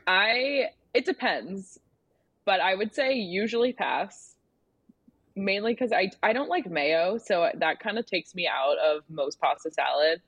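A woman food creator guesting on a podcast, upbeat and relaxed, laughing often as she chats. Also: medium pitch, unhurried, breathy edge, no echo, lo-fi sound. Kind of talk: casual interview chat.

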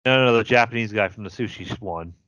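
A man's voice: on the low side, fast, a bit bright, no echo. A man hosting a casual podcast, easygoing as he chats and wraps up the show. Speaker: podcast host. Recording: dull lo-fi dry audio.

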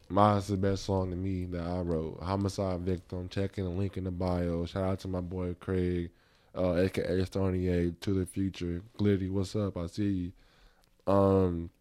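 Deep-voiced man hosting a podcast. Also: dark tone. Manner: reflective, rambling, with many fillers and restarts. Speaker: podcast host. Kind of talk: casual podcast chat.

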